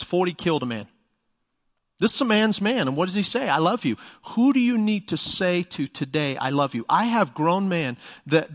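A man's voice: fairly high pitch, a bit bright, long reverb tail. A middle-aged man preaching a sermon as a pastor, emphatic and conversational, asking the congregation rhetorical questions.

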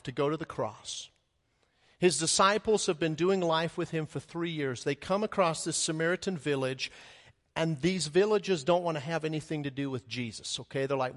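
A man with a fairly high voice preaches a sermon to his congregation. His delivery is animated, and he jumps into loud, high bursts and plays out quick asides. His voice rings with a long reverb, as if he were in a large hall. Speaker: pastor.

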